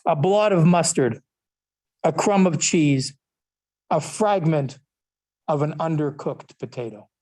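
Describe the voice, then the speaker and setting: Man reading a rude old miser, skeptical, curt, mellow tone. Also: a little high, takes it slowly, long pauses. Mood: caustic. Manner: curt, caustic read-aloud.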